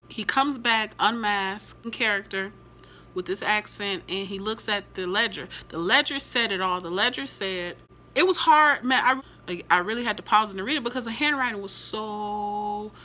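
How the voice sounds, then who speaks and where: A woman talking casually and with enthusiasm, reviewing a TV episode with chatty, animated asides. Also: mid-range voice, slight background noise.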